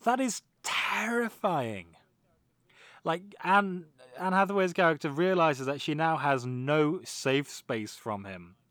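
A man, co-hosting a casual podcast and talking through a film with animated, mocking asides. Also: a little high, slow, no room sound. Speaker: podcast co-host.

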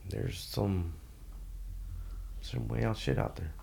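A man telling a story in a loose, profane, animated way as a podcast guest. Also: fairly low pitch, slow pace, creaky, slightly rough. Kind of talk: casual storytelling.

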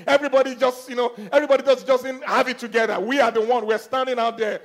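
A man preaching a sermon, moving between loud pleading and quiet, intense speech. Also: very high voice, fairly even intonation, quick pace, few pauses.

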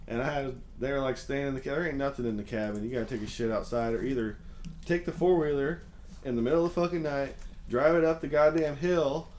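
A young man spins a crude story in loose, swearing podcast talk, his pitch sitting in an ordinary middle range. He gets animated as he acts out each moment. A faint hiss of room ambience sits under his voice. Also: fast talker. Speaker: podcast guest. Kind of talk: casual storytelling.

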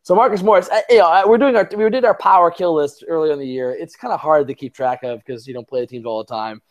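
A fairly high-voiced young man in loose podcast chat, swearing freely and tripping over his own restarts. His talk is full of fillers as he rambles from point to point. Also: fast, dull audio. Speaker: podcast co-host. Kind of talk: casual sports chat.

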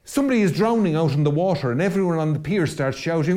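A man's voice: a little high, animated, fast talker, few pauses, warm tone. A man, a Catholic priest hosting a podcast, arguing passionately in a rhetorical, preacherly way and repeating phrases for emphasis. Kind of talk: impassioned podcast argument.

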